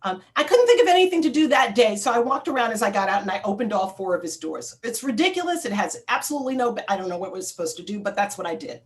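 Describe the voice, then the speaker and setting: A woman's voice: mid-range voice, sing-song, quick pace, hardly any pauses. A middle-aged woman telling a personal story in a panel talk, with frequent fillers and restarts.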